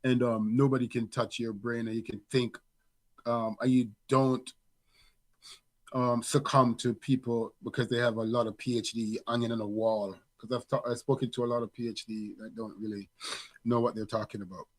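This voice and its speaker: A man's voice: mid-range voice, little pitch movement, moderate pace. A middle-aged man and father co-hosting a podcast, talking in a reflective, casual way with many restarts and fillers. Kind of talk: casual conversation.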